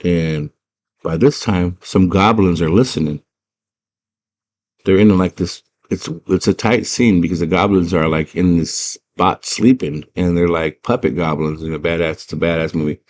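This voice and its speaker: A man in a casual, slangy movie recap, retelling scenes as an animated storyteller. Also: deep voice, normal speed. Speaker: movie fan retelling a film.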